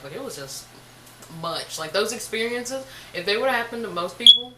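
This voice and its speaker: A young woman telling a casual storytime on her vlog, chatty and animated, full of slang. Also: fairly high pitch, normal speed, echoey room, very noisy. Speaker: vlogger.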